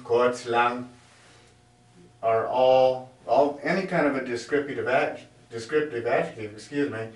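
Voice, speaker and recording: Slow-talking man teaching at a board. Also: mid-range voice. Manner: slow, explanatory, writing on a board as he talks. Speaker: German teacher. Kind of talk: classroom grammar lesson. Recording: echoey room, mic far off.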